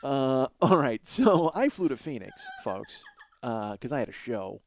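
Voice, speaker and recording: A man's voice: medium pitch, sing-song, measured pace. A man in his forties hosting a comedy podcast, rambling through absurd running bits and laughing at his own jokes. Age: 40s.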